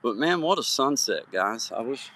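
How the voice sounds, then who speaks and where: A Virginia man hosts a live stream on his phone from a hiking trail at sunset, chatting casually and folksily with viewers and greeting them by name. His mid-range voice has a sing-song lilt, a moderate pace, and a pushed, bright quality.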